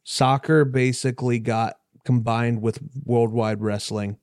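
A man's voice: mid-range voice, fairly even intonation, a little slow, darkish tone, no room sound, clean studio sound. A man co-hosting a podcast in casual chat, laid-back and hesitant, with lots of fillers. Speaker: podcast co-host.

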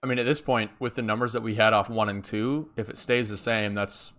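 A young man co-hosting a casual podcast, talking in long animated rambles with plenty of swearing. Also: lowish voice, brisk. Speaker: podcast co-host. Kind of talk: casual chat.

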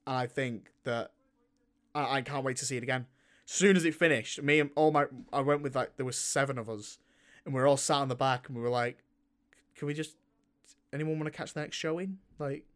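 A British man hosting a film podcast, chatting casually and excitably, laughing and swearing often. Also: medium pitch. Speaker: podcast host. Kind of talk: casual film review chat.

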